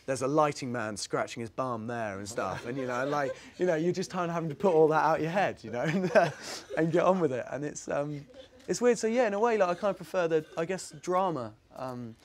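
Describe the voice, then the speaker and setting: A man's voice: a little high, animated, fairly quick, few pauses. A young man from England, an actor guest in a casual interview, chatting in a rambling way and laughing easily.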